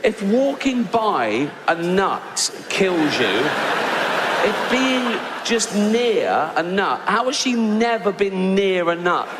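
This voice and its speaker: A middle-aged man with an English accent doing a stand-up comedy routine, telling a story with sarcastic, incredulous mock outrage and squeaky asides. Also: sing-song, slow, heavy background noise. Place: large theatre stage. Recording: live theatre with long reverb and audience.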